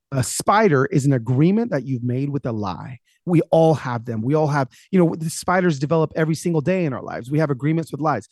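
A man, a guest author, telling a personal story in an interview, fast and animated, with many restarts. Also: mid-range voice, no echo, clean studio sound.

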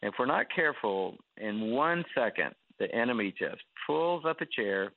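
A man who is a guest preacher, telling a story with animated delivery and acting out the voices of the people in it. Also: medium pitch, moderate pace, creaky. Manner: acts out quoted voices. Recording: tinny phone line.

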